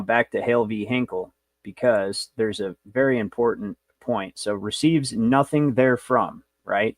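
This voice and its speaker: A man's voice: lowish voice, creaky, dry recording. A man hosting a livestream, lecturing in a brash, rambling, profane way. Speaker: show host.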